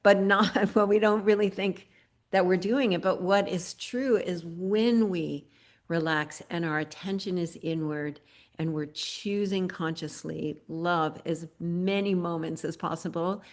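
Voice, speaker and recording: A woman hosts an online community gathering over a video call. Her voice sits on the low side. She talks in an earnest, rambling way, full of filler words. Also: unhurried. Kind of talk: warm spoken tribute on a group video call.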